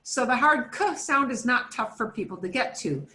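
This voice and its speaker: An American woman teaching a beginners' Spanish class, slowly and patiently saying words for learners to repeat. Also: a little high, animated, pushed and bright, echoey room. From United States. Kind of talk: classroom pronunciation lesson.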